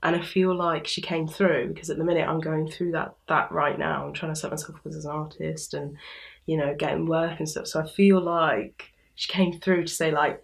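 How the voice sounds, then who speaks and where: Chatty young Englishwoman with a low voice. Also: moderate pace, gravelly. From England. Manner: chatty, laughs often, animated quoting. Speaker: interviewee. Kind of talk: casual chat.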